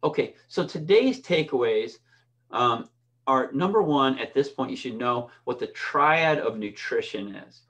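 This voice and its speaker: A middle-aged man coaching swimmers in an informal lesson. He talks conversationally in a voice of middling pitch, weaving in stories, stumbling into restarts and tagging points with "right?". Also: animated, measured pace, fairly bright tone, dull audio. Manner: conversational, restarts often and keeps asking "right?". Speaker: swim coach. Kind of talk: instructional talk with personal stories.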